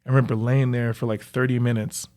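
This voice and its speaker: A young man, a professional athlete, reflectively recounting his own life story in a halting way, with frequent fillers. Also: medium pitch, flat delivery, a little mellow. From United States. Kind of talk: personal storytelling.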